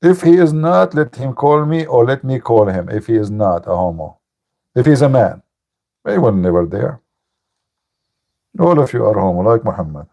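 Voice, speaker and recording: A man's voice: mid-range voice, animated, normal speed, creaky, pauses often, warm tone. A man hosting a live call-in stream, delivering a mocking, taunting monologue in broken English and laughing at his own jokes. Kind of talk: combative monologue.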